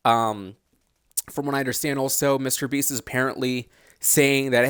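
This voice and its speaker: A man's voice: mid-range voice, steady tone, moderate pace, clean tone, no echo, clean studio sound. A man hosting a solo commentary podcast, talking casually with fillers and growing indignant, pushing his voice up when frustrated. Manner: indignant, ranting, rising to near-shouts when frustrated; conversational with frequent fillers. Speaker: podcast host.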